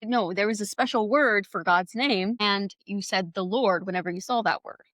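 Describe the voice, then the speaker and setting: Woman, mid-pitched voice, chatty, enthusiastic, dry close recording. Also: normal speed, a bit bright, dry recording. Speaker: podcast co-host. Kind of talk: conversational Bible study discussion.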